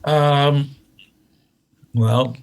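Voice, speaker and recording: A man in his seventies, an actor telling stories as a guest in an interview, who restarts and repeats words and stretches some words out slowly. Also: mid-range voice, fairly even intonation, gravelly, smooth. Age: 70s. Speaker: actor and voiceover artist, guest. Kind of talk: casual interview storytelling.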